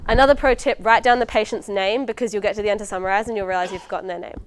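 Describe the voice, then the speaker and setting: A woman's voice: mid-range voice, steady tone, racing, slight background noise. A young woman in her twenties, a medical student giving a casual exam-prep lecture, chatty and full of ums and likes. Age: 20s.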